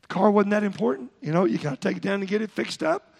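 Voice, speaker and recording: Gravelly-voiced pastor preaching. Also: male voice, high-pitched, lively intonation, quick pace, in a large hall. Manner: folksy storytelling with quoted voices. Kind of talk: sermon.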